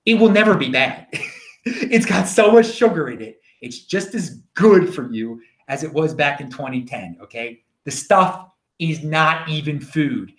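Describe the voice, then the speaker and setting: A man with a Baltimore accent rambles through his stories in a casual solo show. His fairly high voice swoops up and down a lot, and the room around him rings with echo. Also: unhurried. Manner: rambling, animated storytelling. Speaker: show host. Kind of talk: casual monologue.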